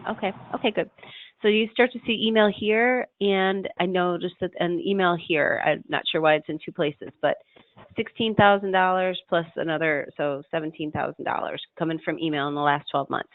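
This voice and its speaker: A man's voice: high voice, fairly even intonation, moderate pace, no room sound. A man working as a marketing consultant, explaining web analytics on a business call, with many fillers and restarts. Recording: tinny phone-line audio.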